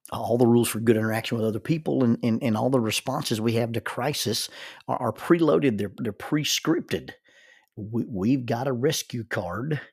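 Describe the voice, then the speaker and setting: An older man, a grandfather, telling a reflective story with halting starts and repeated words. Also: mid-range voice, a little mellow, husky. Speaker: grandfather telling life-lesson stories.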